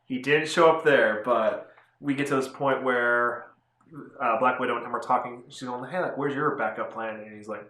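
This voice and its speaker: Chatty young guy, bright voice, echoey room. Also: mid-range voice. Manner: rambling, filler-heavy, swearing. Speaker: movie vlogger. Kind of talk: casual spoiler review.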